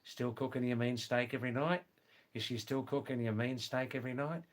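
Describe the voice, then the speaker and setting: A man putting on a broad Australian accent to play a brash, cheeky bloke who talks in rapid, teasing banter. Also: mid-range voice, steady tone, natural voice.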